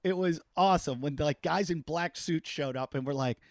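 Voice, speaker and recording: A man hosting a podcast, telling stories in a loud, joking, profane way during a casual interview. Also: fairly high pitch, normal speed, no room sound, clean studio sound. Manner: animated, profane, jokey storytelling. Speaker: podcast host.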